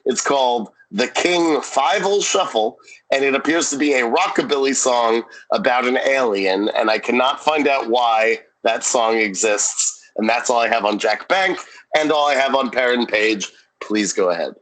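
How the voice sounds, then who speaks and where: A man co-hosting a podcast in casual chat, recapping with jokes and quick asides. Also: mid-range voice, fairly bright tone, a little hiss or hum, poor audio. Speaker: podcast co-host.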